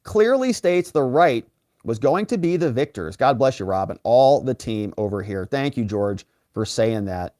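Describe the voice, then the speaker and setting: A man hosting a live legal commentary stream, reading out viewer comments and giving sarcastic, animated asides. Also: mid-range voice, moderate pace, dry recording, clean studio sound. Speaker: lawyer and livestream host.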